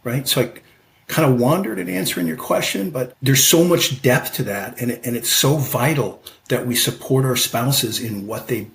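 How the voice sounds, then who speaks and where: A man's voice: medium pitch, normal speed, vocal fry, a bit bright, slight background noise, rough recording. Passionate fifty-something man telling stories. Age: 50s. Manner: passionate, emphatic, repeats "right?". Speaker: podcast guest, amateur fighter. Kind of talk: conversational storytelling.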